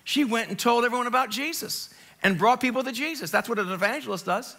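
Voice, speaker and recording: Pastor, male, from Long Island: high, bright, lively sermon voice, chatty with asides. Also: quick pace. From Long Island, New York. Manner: animated and conversational, jokes and asides, swings from loud to hushed. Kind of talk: Easter sermon. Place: church sanctuary, live service.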